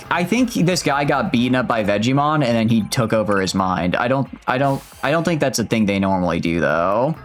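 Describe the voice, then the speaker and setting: Chatty male game streamer, faint music. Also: mid-range voice. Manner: rambling, chatty, self-interrupting, reads game dialogue aloud. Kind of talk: casual let's-play commentary.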